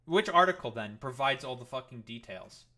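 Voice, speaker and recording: A man's voice: medium pitch, lively intonation, moderate pace, sharp tone. A man streaming live and commenting in a heated, profane and sarcastic rant.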